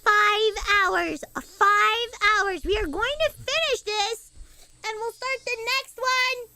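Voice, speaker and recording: A tired woman streamer rambles through crude jokes at the end of a long session. Her voice is extremely high and bright, and she drags her words out slowly. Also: a little hiss or hum. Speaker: game streamer. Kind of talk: casual livestream chat.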